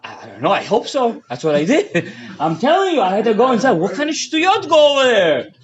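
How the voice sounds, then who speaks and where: Impassioned rabbi, high lively voice. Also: male voice, fairly quick. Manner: impassioned, swings between shouting and hushed asides; mixes English with Hebrew and Yiddish terms. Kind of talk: fiery Torah lecture. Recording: dull lo-fi audio.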